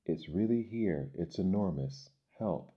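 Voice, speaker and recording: A man's voice: expressive, measured pace, slightly rough, heavily acted. A man voicing a mischievous young shepherd boy who fibs out of boredom, in a storybook reading. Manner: high boyish voice, crying out in alarm. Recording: dull lo-fi recording.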